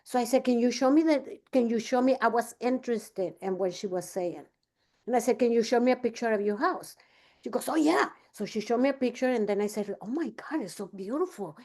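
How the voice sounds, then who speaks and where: A woman leads a casual business training, her voice sitting a little high. She tells stories with lots of fillers and restarts, acting out both sides of each conversation. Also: brisk, a little mellow. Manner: chatty, many fillers and restarts. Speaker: business coach. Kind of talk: casual training talk with storytelling.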